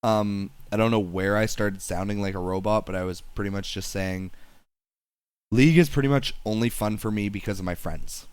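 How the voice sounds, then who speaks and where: A man's voice: lowish voice, normal speed, clear, resonant tone, no echo. A man co-hosting a gaming podcast, talking in a rambling casual way with many restarts and fillers. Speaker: podcast co-host. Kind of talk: casual chat.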